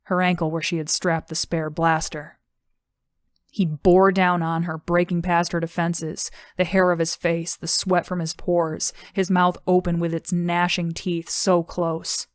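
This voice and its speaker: A woman reading an audiobook in a steady, even narration. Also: lowish voice, a little slow, dry recording, studio quality. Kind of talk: scripted narration.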